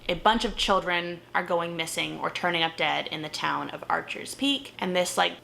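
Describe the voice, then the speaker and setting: Young woman book vlogger, bright voice, lots of fry, animated and ranty. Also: lowish voice. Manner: animated, exasperated ranting with frequent laughs and swearing. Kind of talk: casual book review monologue.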